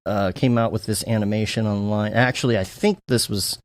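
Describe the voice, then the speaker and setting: A man's voice: fairly low pitch, fairly even intonation, fairly quick, dry recording. A man hosting a podcast, chatting casually and rambling with fillers and restarts. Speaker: podcast host. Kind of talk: casual chat.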